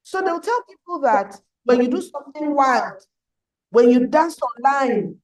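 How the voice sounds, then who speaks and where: A woman's voice: sits high, lively intonation, measured pace. A woman teaching girls in an online class, earnest and emphatic, repeating her key points.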